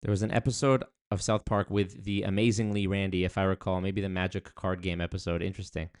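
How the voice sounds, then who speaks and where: Rambling young male streamer, lowish voice. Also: fast talker, smooth, no echo, studio quality. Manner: rambling, animated, with many fillers and restarts. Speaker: streamer reading chat. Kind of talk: casual livestream chat.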